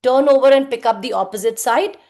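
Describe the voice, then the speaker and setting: A woman's voice: high voice, fairly quick, a little mellow. A woman leading a live group workout, counting reps and giving short cues and praise. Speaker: fitness instructor. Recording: echoey room.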